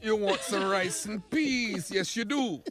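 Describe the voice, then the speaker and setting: Male radio host, prank calls, bright sharp tone, high pitch, animated banter. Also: soft background music. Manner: animated, laughs often, fast bursts. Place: radio studio.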